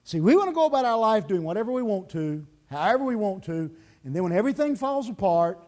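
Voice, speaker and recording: A male pastor preaching a sermon in church, emphatic, swinging from loud pleading to hushed, earnest calls. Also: high voice, very animated, quick pace. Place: church sanctuary.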